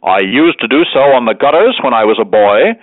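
A man reading aloud and voicing a dignified older gentleman who speaks sternly, firmly and with emphasis. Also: medium pitch, very animated, brisk, dry recording. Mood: polite. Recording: tinny dry radio broadcast.

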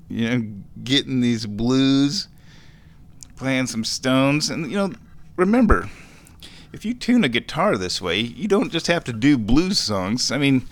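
A man hosting a radio show, talking casually on his own in a rambling, easygoing, chatty way. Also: medium pitch. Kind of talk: casual solo radio talk.

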